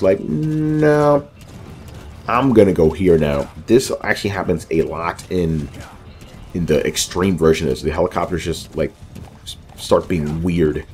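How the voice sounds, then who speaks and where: A man with a deep, mellow voice gives casual commentary over a video game walkthrough, rambling loosely with lots of fillers and joking asides about himself.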